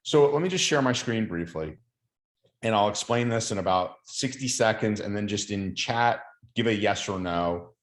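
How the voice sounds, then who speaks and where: Deep-voiced man hosting a video call. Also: animated, normal speed, echoey room. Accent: Long Island New York. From New York, Long Island. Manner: friendly, chatty, frequent ums and uhs. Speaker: host of a partner call. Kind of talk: casual video call chat.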